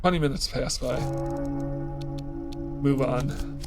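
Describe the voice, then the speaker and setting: A man's voice: medium pitch, slow pace, music in the background. A man narrating his moves in a story game, thinking aloud and reading out choices. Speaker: let's play streamer.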